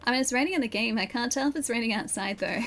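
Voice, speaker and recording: A young woman streamer chats casually while playing a game at her PC in a room at home, reacting and laughing often. Her voice is on the high side, quick and a bit bright, with slight background noise.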